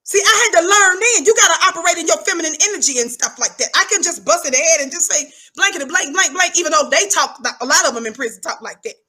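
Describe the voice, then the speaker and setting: A middle-aged woman holds forth in an animated livestream monologue. Her voice sits high and rings bright. She hammers her points home by repeating words over and over. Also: fast, hardly any pauses. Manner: emphatic, preachy, repeats words for effect. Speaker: livestream commentator.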